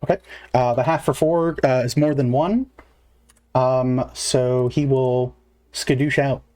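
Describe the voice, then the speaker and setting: A man's voice: mid-range voice, fairly even intonation, takes it slowly, darkish tone, clear, resonant tone. A man narrating as game master in a casual, filler-heavy way, counting moves aloud.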